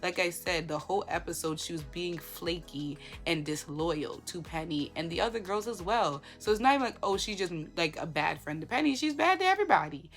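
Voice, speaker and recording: Low-voiced woman doing animated commentary. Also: brisk, few pauses, soft background music. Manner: animated, lots of rhetorical questions and fillers. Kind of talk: casual commentary.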